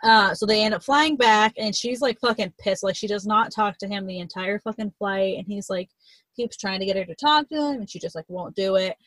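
A young woman rambles through a book's ending in casual chat, dropping swear words and acting out lines as she goes. Her voice sits at an ordinary middle pitch. The sound is close and dry. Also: fairly quick, fairly bright tone, no echo, rough recording. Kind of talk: casual chat retelling a novel.

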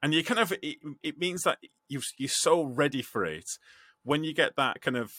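A man's voice: fairly high pitch, moderate pace, no echo. A man hosting a podcast, swearing casually and restarting his sentences as he tells stories. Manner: animated, swears, restarts a lot when telling stories. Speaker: podcast host. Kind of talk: casual chat.

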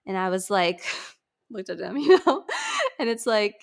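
A woman's voice: mid-range voice, expressive, measured pace, gravelly. A woman in her thirties hosting a podcast, talking casually with lots of restarts, fillers and laughter. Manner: chatty, laughs often, many restarts and fillers. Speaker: podcast host.

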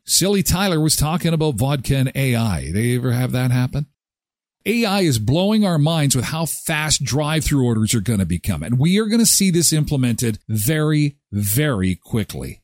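A man hosting a live morning show from a small studio, talking in an animated, playful, conversational way into a studio microphone. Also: on the high side, fairly quick, dry recording. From Canada. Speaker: radio show host.

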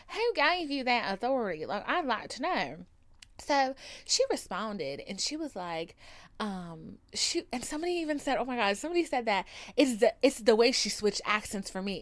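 A woman hosting a podcast, telling a story in a casual rant, swearing freely and acting out what other people said. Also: mid-range voice. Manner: profane, animated, mimics people in quotes. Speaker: podcast host.

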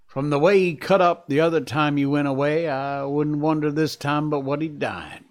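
A man voicing a gruff frontier dog musher who speaks in a dry, plain-spoken drawl, a little higher than his own voice. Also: fairly even intonation, normal speed, natural voice.

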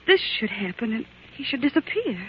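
An anxious young niece. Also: female voice, fairly high pitch, big pitch swings, a little fast. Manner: anxious, pleading, close to tears. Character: anxious young woman whose uncle was murdered. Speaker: niece of a murder victim. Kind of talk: 1940s radio acting. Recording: tinny old radio broadcast, faint hiss.

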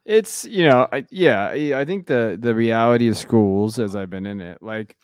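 A tired man in his thirties talks at an ordinary mid pitch on a casual podcast. He rambles with plenty of fillers and restarts and swears offhandedly. The sound is close and dry. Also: moderate pace, clean tone, no room sound. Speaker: podcast co-host.

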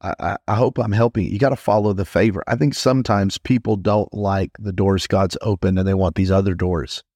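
Brief: male pastor-host, deep voice, emphatic repetition, dry booth sound. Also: a little mellow, no room sound. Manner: emphatic, repeats phrases for effect; frequent quick restarts and stammers. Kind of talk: conversational teaching podcast.

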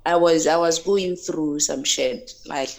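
A woman's voice: low voice, a little slow, gravelly. A woman from Africa, a guest on a podcast, talking earnestly in a casual interview and often repeating words as she searches for them.

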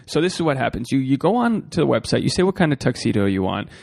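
A man's voice: mid-range voice, big pitch swings, quick pace, vocal fry, darkish tone. A man hosting a solo podcast, rambling and swearing freely as he talks straight to his listeners. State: a bit out of breath. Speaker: podcast host.

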